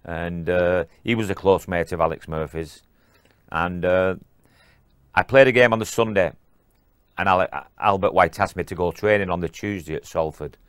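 Brief: older ex-player, very low voice, dry close sound, halting recollection. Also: male voice, smooth, dry recording. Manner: halting, repeats words at starts. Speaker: former rugby player. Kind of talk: interview recollection.

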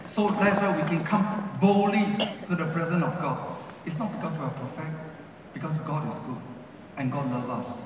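A male pastor preaches in a high, ringing voice, leaning on repeated phrases that rise and fall. His English has non-native grammar. He is heard from a distance in a large, very echoey church hall. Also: normal speed, background noise. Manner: rising and falling emphasis, repeats phrases. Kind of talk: sermon.

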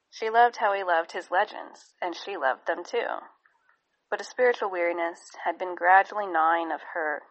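A woman narrating an audiobook in a calm, even storytelling manner. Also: on the low side, muffled recording.

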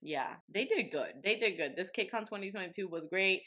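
Bright, lively young woman. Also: mid-range voice, normal speed. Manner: chatty, laughing easily. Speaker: podcast co-host. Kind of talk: casual chat.

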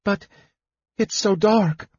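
A man's voice: sing-song, fast, mellow, husky, no echo. A man doing a frightened young woman. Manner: high, trembling, pleading. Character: frightened young woman trapped in a dark tower. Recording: dull lo-fi recording.

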